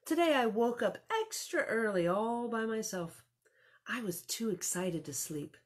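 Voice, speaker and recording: Casual: librarian lady reading a picture book to kids, super expressive, kinda breathy voice. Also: on the high side, a little slow. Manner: expressive storytelling with chatty asides. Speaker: children's librarian.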